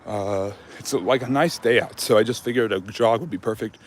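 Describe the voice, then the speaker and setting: A man's voice: lowish voice, a little fast, slight background noise. A man hosting a casual history Q&A livestream, out of breath after a jog, rambling loosely with lots of fillers and restarts. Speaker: history channel host.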